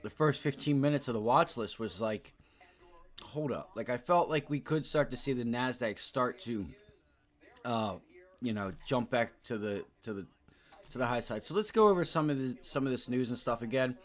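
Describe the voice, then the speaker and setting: A man's voice: mid-range voice, moderate pace. A man hosting a live stock trading stream, chatting casually through the market news in a loose, slangy, rambling way. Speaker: stock trading livestream host.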